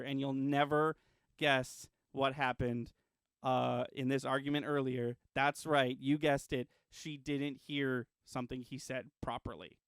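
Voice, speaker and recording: A man co-hosting a casual podcast, telling a story in an animated way with frequent ums and restarts. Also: mid-range voice, smooth, no echo, studio quality. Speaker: podcast co-host.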